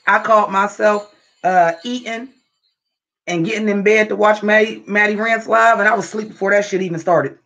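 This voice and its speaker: A man livestream vlogger with a high voice chats casually and rants at a moderate pace, animated and swearing a lot as he speaks directly to his viewers. The audio sounds dull and lo-fi.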